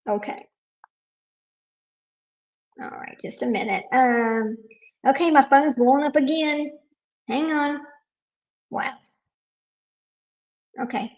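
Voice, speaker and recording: A woman's voice: high-pitched, lo-fi sound. A woman hosting a casual live stream, talking to viewers while searching her computer and getting frustrated.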